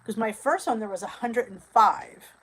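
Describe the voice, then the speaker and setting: A middle-aged woman from New Jersey hosting a casual live-stream chat, chatty and quick to laugh as she answers viewer comments. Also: on the high side, expressive, fairly bright tone, slightly rough, poor audio. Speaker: weight loss channel host.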